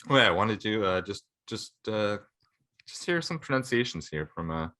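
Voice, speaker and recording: A man's voice: fairly low pitch, lively intonation, normal speed, sharp tone. A young man, co-hosting a podcast in casual, rambling chat full of fillers. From Canada. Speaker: podcast co-host.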